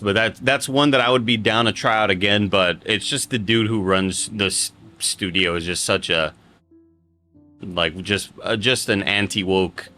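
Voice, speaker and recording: A young man rambling to his stream chat, joking and cursing casually as he goes. His voice sits low but sounds bright and forceful. He talks loosely, trailing off and restarting often. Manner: rambling, joking, swears freely.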